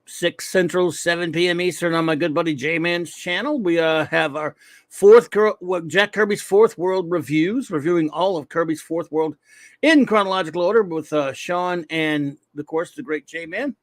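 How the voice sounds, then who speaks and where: A man hosting a casual livestream, loudly shouting out viewers and upcoming shows. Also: fairly high pitch, normal speed, no room sound. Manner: energetic, loud shout-outs to viewers. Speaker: livestream host.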